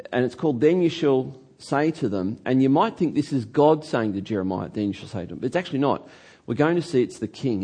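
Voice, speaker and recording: A man preaching in a church with a mellow, slightly husky voice. He tells a story in an animated way and slows down to stretch out his key words. His pitch sits in the middle range. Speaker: pastor. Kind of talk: sermon. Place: church hall.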